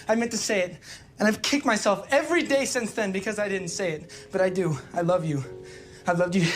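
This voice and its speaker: A man's voice: high voice, close to an everyday voice. An actor playing an earnest teenage boy who halts and repeats himself as he tenderly confesses his love, in a teen drama series. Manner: tender, heartfelt, halting.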